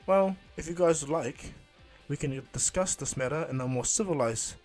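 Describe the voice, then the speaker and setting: A man's voice: fairly high pitch, moderate pace, darkish tone, faint music behind, voice pushed up, lightly acted. A man voicing an arrogant, all-powerful male destroyer warrior in a fan-told story, speaking sternly and threateningly.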